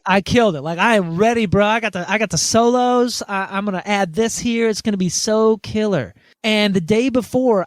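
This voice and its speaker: A man guest on a podcast, telling a story in a casual, animated way and acting out the quoted conversations. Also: high voice, dry recording.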